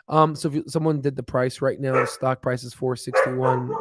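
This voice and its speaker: This stock livestream host chats casually while reading charts, restarting often and filling pauses as he thinks aloud. His medium-pitched voice is a bit bright with fairly even intonation at a moderate pace, recorded with no room sound.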